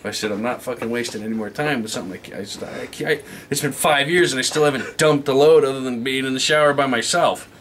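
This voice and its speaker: A man's voice: mid-range voice, fast, hardly any pauses, fairly bright tone, slight background noise. A man in his thirties telling a crude, profane anecdote in casual chat, acting out the dialogue as he goes. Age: 30s. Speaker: storyteller.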